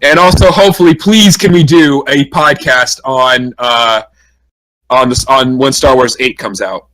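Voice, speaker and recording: A man co-hosting a casual podcast, rambling and excitable. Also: medium pitch, measured pace, rough recording. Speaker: podcast co-host.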